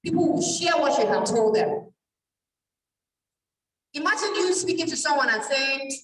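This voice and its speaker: A middle-aged Nigerian woman speaks to a church youth gathering at an unhurried pace, often stopping to ask the audience questions. Her voice is a touch high. She is recorded from a distance in a large, echoing hall. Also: big pitch swings, slight background noise. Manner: asks the audience questions and answers them. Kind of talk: motivational talk to an audience. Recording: echoey hall, mic from far off.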